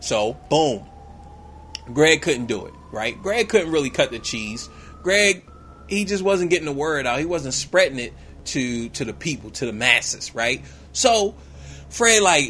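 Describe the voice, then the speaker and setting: A man's voice: mid-range voice, animated, measured pace, bright, forceful tone, a little hiss or hum. A man hosting a podcast, retelling a movie as a loose, slangy, joking story. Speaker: podcast host. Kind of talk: comedic movie recap.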